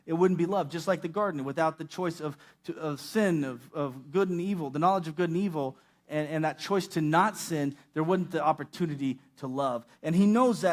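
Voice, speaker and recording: A young adult man preaching a sermon, animated and acting out the voices he quotes. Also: a little high. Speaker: pastor.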